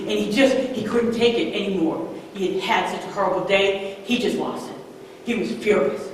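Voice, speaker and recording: A woman in her fifties telling a personal story on stage, animated, moving between hushed asides and emphatic outbursts. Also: medium pitch, moderate pace, slight background noise. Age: 50s. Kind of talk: live storytelling performance. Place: stage in a large hall. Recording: echoey hall, far-off mic.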